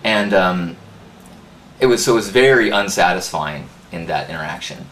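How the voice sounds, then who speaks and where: A man hosting a live inspirational talk, praying and then telling a story in an earnest, animated way. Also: deep voice, normal speed, slight background noise. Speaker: host. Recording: roomy live webcast audio.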